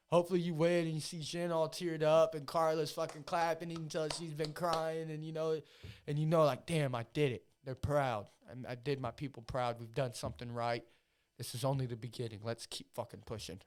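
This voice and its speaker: A man at mid pitch, a guest on a podcast, talking about fighting in loose, casual chat. He is open about his feelings and swears freely, and he circles back to the same phrases as he talks. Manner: emotional, profane, repeats himself.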